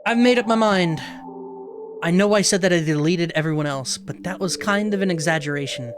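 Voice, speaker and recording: A man's voice: high-pitched, brisk, over music, close to an everyday voice. A man reading aloud the lines of a heartbroken young woman who is the AI president of a club in the game, in his own voice. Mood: resolved.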